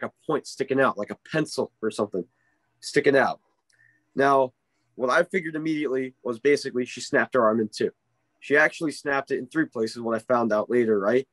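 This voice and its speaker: A man in his middle pitch range tells a story as a ski instructor, animated and quick to check in with "right?". His voice sits close and dry, with no room sound around it. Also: no echo. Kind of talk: casual storytelling in an interview.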